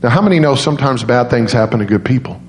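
A middle-aged man preaching an evangelistic sermon, telling an emotional story with passion and climbing high at its peaks. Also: expressive, quick pace, darkish tone, slight background noise. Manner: impassioned storytelling, rising high when acting out emotional quotes.

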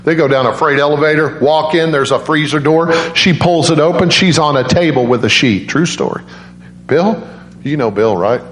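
A man's voice: animated, normal speed, slight background noise. Impassioned male preacher telling a story. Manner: impassioned storytelling, rising high when acting out emotional quotes. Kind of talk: evangelistic sermon with story.

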